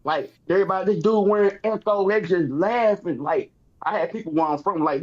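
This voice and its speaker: A Texan man with a Texan accent, appearing as a comedian guest, tells animated stories in casual conversation and acts out other people's lines. His voice is high and fairly quick, recorded with the highs cut off.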